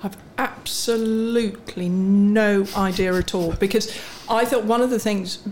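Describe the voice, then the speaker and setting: A woman's voice: mid-range voice, fairly even intonation, unhurried, darkish tone, a little hiss or hum. A middle-aged woman guest on a podcast, a chief executive, chatting frankly and mocking herself with easy laughter. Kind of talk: casual podcast interview.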